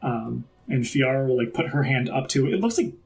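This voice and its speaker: A man's voice: mid-range voice, expressive, fairly quick, creaky, soft background music. A man narrating a tabletop game as game master, in a loose, rambling way full of fillers.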